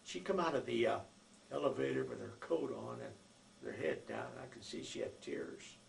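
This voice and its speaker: An older man with a gravelly, expressive, medium-pitched voice narrates an oral history at a normal speed. He rambles through family stories from his life in a folksy way, full of fillers, recorded in an echoey room with faint noise.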